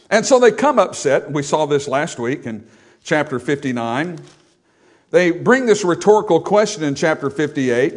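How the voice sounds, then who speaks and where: A male pastor with a voice on the high side preaches emphatically, posing rhetorical questions to the congregation and growing louder as he quotes scripture.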